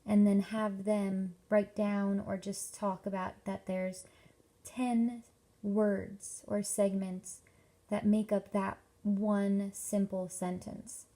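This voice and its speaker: A young woman teacher giving a workshop presentation to parents, explaining slowly and carefully with lots of examples. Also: mid-range voice, little pitch movement, warm tone. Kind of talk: instructional presentation.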